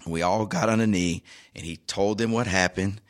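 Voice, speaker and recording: A man and youth soccer coach chatting casually as co-host, telling a story with lively acted-out quotes. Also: low voice, normal speed. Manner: animated storyteller, acts out quoted voices. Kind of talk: casual chat.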